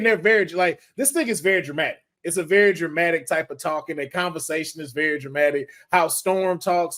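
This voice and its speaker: High-voiced podcast host, loose and chatty. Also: male voice, fairly bright tone. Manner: loose, conversational, drawn-out explanations. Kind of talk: casual podcast chat.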